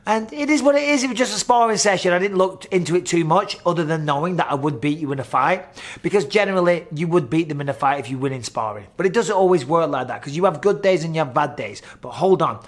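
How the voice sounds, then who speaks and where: A man's voice: fairly high pitch, lively intonation, fast talker. A middle-aged man, a former fighter, giving blunt, casual commentary and swearing freely.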